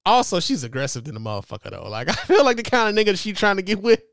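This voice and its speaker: A man in his forties hosting a show, giving animated, joking commentary full of profanity. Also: sits high, fast, vocal fry, clear, resonant tone. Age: 40s. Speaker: host. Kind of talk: casual commentary.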